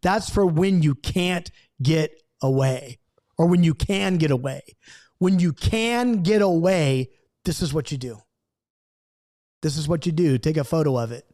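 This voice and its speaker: A man's voice: fairly high pitch, a little slow, mellow. A middle-aged man teaching a recorded Bible study lesson, earnest and coaching, repeating key points.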